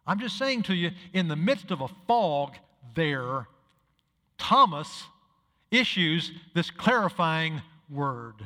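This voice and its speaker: Bright-voiced male pastor preaching in a hall. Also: fairly high pitch, very animated, slow pace. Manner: storytelling, acts out dialogue, rises to emphatic peaks. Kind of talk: sermon.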